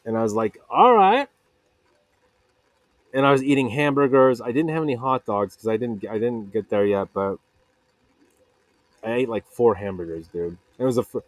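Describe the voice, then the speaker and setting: In a makeshift home vocal booth with no echo, a podcast host talks briskly in a fairly low, darkish voice. His solo show is a loose, joking ramble about himself, full of tangents and people quoted in silly put-on voices.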